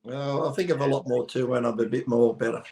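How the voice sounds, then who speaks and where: Gravelly, swearing male guest. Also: medium pitch, steady tone, fairly quick, mellow. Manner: swears freely, tells anecdotes with quoted voices. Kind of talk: casual chat, storytelling.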